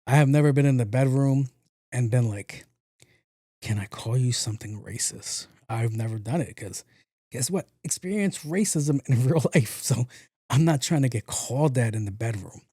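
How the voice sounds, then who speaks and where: A man's voice: medium pitch, expressive, normal speed, warm tone, slightly rough, dry recording, clean studio sound. A man hosting a podcast in casual commentary, joking, swearing a lot and repeating himself. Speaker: podcast host.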